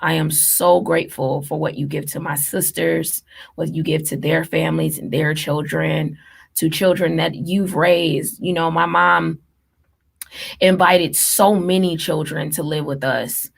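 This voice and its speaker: A woman's voice: sits low, steady tone, unhurried, gravelly, slightly rough. A woman in her thirties hosting a live stream, earnestly listing her thanks in long runs with frequent ums. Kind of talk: heartfelt live-stream address.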